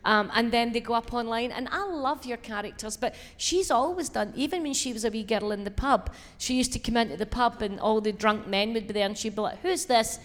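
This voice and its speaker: A middle-aged Scottish woman telling stories on a live comedy podcast, blunt and animated. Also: fairly high pitch, fairly quick, few pauses. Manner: blunt, sweary, animated storyteller. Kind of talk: casual chat. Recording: roomy live theatre sound.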